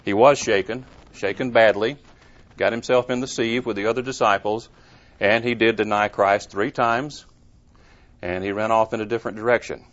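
A man's voice: lowish voice, fairly even intonation, normal speed, a bit bright. A man preaching a sermon in an earnest way, stressing points with emphatic rises and rhetorical questions. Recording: muffled lo-fi recording.

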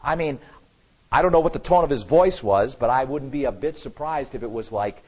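Animated husky male preacher. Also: medium pitch, brisk, dull audio. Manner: animated, swings from loud emphasis to quiet asides. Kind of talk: sermon.

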